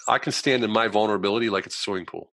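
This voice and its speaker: A man tells his personal story as a guest in a conversation, with a very deep, forceful voice and a rapid pace. He animates his story by acting out the people he quotes, and pads his sentences with "you know". The recording is dry and close. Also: creaky, dry recording, soft background music.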